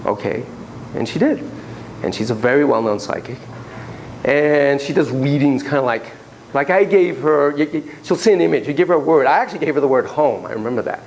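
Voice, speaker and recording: A middle-aged man lecturing on psychotherapy to a class, telling stories in an animated, digressive way full of asides. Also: medium pitch, a little fast, slight background noise, poor audio. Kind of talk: lecture with storytelling.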